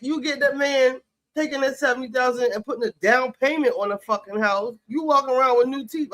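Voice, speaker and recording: A man's voice: extremely high pitch, pushed and bright. A man giving sassy, profane, heated commentary on a reality show while cooking in his home kitchen. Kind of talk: casual commentary chat.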